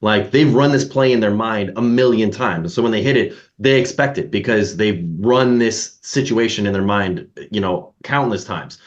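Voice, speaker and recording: Very deep-voiced man, muffled audio. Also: moderate pace, hardly any pauses. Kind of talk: podcast conversation.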